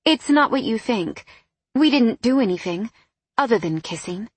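Brief: woman playing a flustered, shy young woman in an audiobook, soft and slightly husky. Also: fairly high pitch, lively intonation, moderate pace, dry recording.

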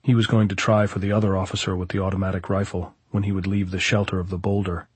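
A man narrating a novel in a measured, even storytelling manner. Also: low-pitched, breathy edge, dry recording. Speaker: audiobook narrator. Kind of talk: scripted narration.

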